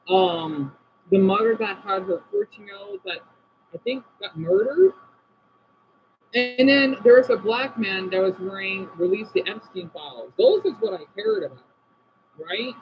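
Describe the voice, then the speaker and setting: An American man on a casual live stream, rambling in a scattered way as he reacts to his chat aloud. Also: high-pitched. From United States. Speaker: livestreamer. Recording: dull lo-fi with faint hum.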